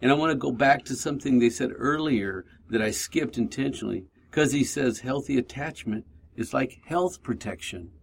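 A man's voice: medium pitch, moderate pace, gravelly, few pauses, a little hiss or hum. A man hosting a faith-based recovery radio talk show, reflective and talking through his inner thoughts aloud.

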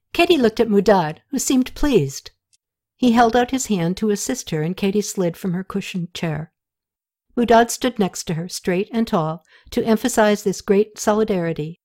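A woman narrating a historical novel as an audiobook in calm, even storytelling. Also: lowish voice, normal speed.

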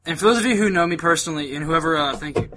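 A young man hosting a podcast, speaking earnestly and haltingly, full of fillers, holding back tears. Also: fairly high pitch, noisy background. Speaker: podcast host. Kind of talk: casual chat.

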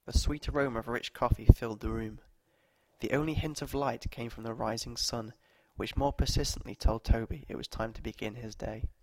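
A man narrating short stories aloud at a measured, steady pace. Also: mid-range voice, background noise.

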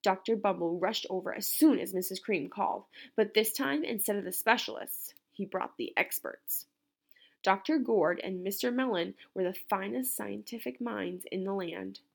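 Gravelly-voiced woman reading a picture book. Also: mid-range voice, moderate pace. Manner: expressive storyteller. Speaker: teacher.

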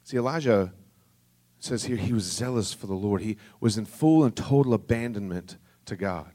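A man preaching a sermon, reading scripture aloud and sinking to a soft, low voice on solemn passages, with an earnest, conversational delivery. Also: moderate pace. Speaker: pastor.

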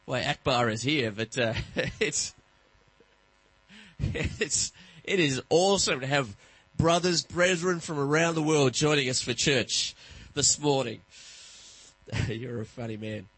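A middle-aged man preaching a sermon, telling stories and acting out voices with lively energy. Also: medium pitch, slow, long pauses, breathy edge, rough recording. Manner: animated, acts out voices in anecdotes. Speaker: pastor. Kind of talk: sermon with storytelling.

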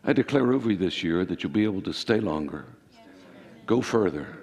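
A pastor, a man, preaches with a low, husky voice. His sermon surges with emphatic rises and quick bursts. Long hall reverb trails every line. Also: animated, darkish tone. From Ireland.

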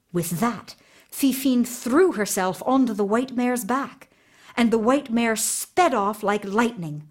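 Brief: woman storyteller, slow and very expressive, fairly high voice, reading a fairy tale. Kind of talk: read-aloud fairy tale narration.

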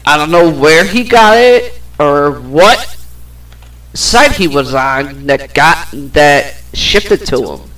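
A woman's voice: deep voice, lively intonation, slow pace, a bit bright, low-quality recording. A woman hosting a podcast, telling a personal story in a casual, rambling way with plenty of swearing. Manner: rambling, profane, with fillers and laughs. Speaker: podcast host.

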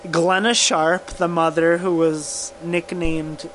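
A man co-hosting a podcast, telling a true crime case in casual profane chat, halting and laughing often. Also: fairly high pitch, level tone, a bit bright, slight background noise, rough recording. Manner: slow, halting, laughs often, drinking whiskey.

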